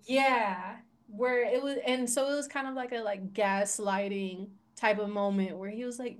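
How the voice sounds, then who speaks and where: A young adult woman co-hosting a casual podcast chat, telling a personal story in an animated way, with many fillers and frequent laughs. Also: medium pitch, moderate pace, few pauses. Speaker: podcast co-host.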